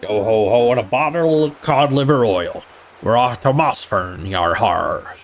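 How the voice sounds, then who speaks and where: A man's voice: medium pitch, measured pace, lightly acted. A man putting on a jolly pirate turtle captain. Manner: pirate talk, jolly and teasing. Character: gruff male sea-captain turtle boatman. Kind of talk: reading game dialogue aloud.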